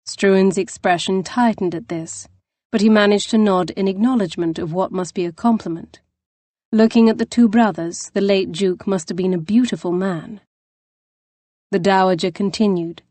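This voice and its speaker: A woman's voice: mid-range voice, moderate pace, darkish tone, dry recording. Woman narrating a romance audiobook. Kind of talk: scripted narration.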